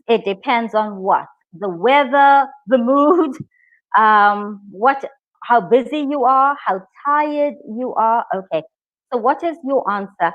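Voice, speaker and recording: A woman teaching a live online English exam lesson, upbeat and encouraging as she talks to her viewers. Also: a little high. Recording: dull lo-fi stream audio.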